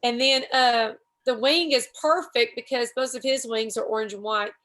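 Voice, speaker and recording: A chatty woman talks on a podcast in a fairly high, easygoing voice. She tells long, rambling stories and pokes fun at herself as she goes. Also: moderate pace, a bit bright. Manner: rambling, self-deprecating, chatty. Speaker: podcast guest. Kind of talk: casual storytelling chat.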